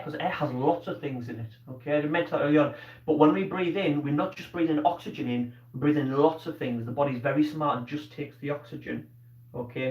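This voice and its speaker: A man's voice: a little high, highs cut off. Encouraging male teacher, distant roomy sound. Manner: encouraging, asks questions and praises pupils by name. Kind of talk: live online science lesson.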